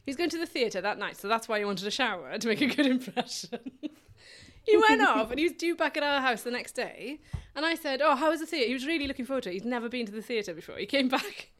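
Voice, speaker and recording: Giggly high-voiced Welsh woman. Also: expressive, fast talker, fairly bright tone. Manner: giggly, laughs through her stories. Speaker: comedy podcast co-host. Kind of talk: casual comic chat.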